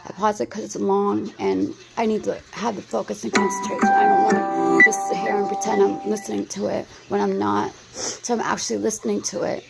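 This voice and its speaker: Anxious woman in her 30s rambling into her camera, super creaky voice, keeps restarting sentences. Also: mid-range voice. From United States. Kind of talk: emotional vlog response.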